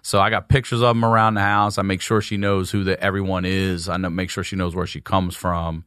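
A man in his forties from Baltimore hosts a casual podcast chat. His voice is low and forceful, his talk blunt and full of swearing. The sound is dry and close. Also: little pitch movement, a little fast, clean tone, dry recording. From Baltimore, USA. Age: 40s. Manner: blunt, profane, emphatic. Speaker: podcast host.

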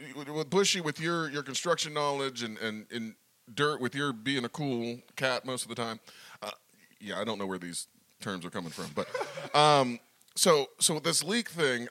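A man hosting a casual podcast, talking in a rambling, halting way and often laughing. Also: mid-range voice, pushed and bright. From Florida. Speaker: podcast host.

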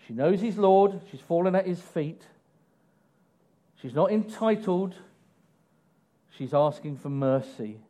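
A man preaching a sermon in an animated way, putting questions to the congregation. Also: high-pitched, slow pace, pauses often. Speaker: pastor.

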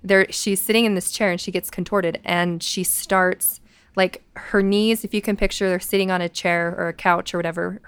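A woman's voice: lowish voice, clear, resonant tone, no echo. A woman, co-host of a paranormal talk show, retelling a story in casual chat and quoting the people in it. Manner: animated, quotes people as she tells the story.

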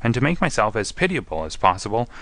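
A man voicing a desperate, refined gentleman prisoner who speaks in pleading, anguished tones. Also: medium pitch, very animated, fast talker, dry recording, voice pushed up.

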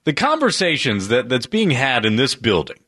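A man co-hosting a sports talk radio show, lively and emphatic in casual banter. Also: medium pitch, normal speed, husky.

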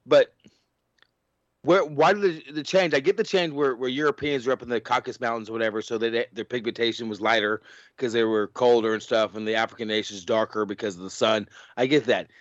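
A man's voice: medium pitch, steady tone, a little fast, no room sound. Male podcast host, rambling and chuckly, dull lo-fi dry sound. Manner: rambling, laughs often, restarts. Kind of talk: casual podcast chat.

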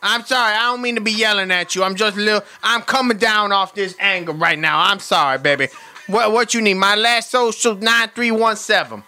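A man voicing a hot-tempered, profane, streetwise caller on a prank phone call, loud and animated, swinging from rage to sweet talk. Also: high-pitched, a little fast, few pauses, soft background music. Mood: apologetic.

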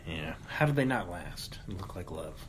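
A man in his thirties hosts a laid-back podcast in a low voice. He banters loosely, jokes and swears freely, and a faint hum of noise sits under the talk. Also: lively intonation, moderate pace. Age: 30s. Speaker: podcast host. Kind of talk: casual podcast chat.

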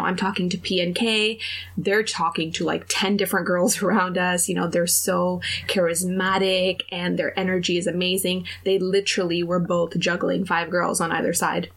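A young adult woman on a podcast telling a dating story in casual chat, acting out the other people's lines. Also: lowish voice. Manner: animated, acts out quoted dialogue.

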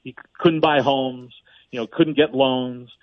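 A man co-hosting a sports radio show in casual talk, speaking haltingly with many restarts. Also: medium pitch, steady tone, no echo. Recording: dry, tinny phone-line sound.

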